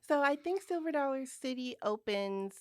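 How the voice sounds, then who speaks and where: A woman's voice: high-pitched, expressive, moderate pace, no room sound, studio quality. A woman in her thirties, a podcast guest, chatting upbeat and talkative about family trips. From United States. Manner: chatty, upbeat, with laughs and restarts. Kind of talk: casual chat.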